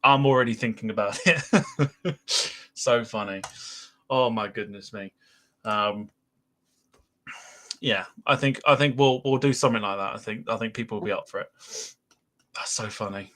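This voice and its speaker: A man's voice: fairly low pitch, moderate pace, long pauses. Giggly British man hosting a live podcast. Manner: laughs a lot, giggly and animated. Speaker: podcast host. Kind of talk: casual live-stream chat.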